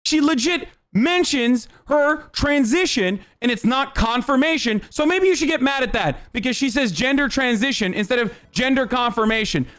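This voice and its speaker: A young man streaming, ranting heatedly and profanely at his chat, with bursts of shouting. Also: extremely high pitch, expressive, moderate pace, hardly any pauses. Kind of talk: heated livestream rant.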